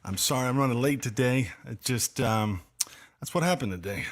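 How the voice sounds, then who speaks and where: A man's voice: medium pitch, normal speed. Man hosting a rambling livestream chat. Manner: rambling, apologetic, loose with many fillers. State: slightly out of breath. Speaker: livestream host.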